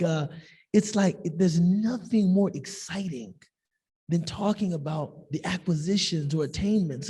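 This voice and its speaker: A man teaching a discussion class in a lively, joking way, often acting out the people he quotes. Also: sits high, breathy edge. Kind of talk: discussion-based class talk. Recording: long hall reverb.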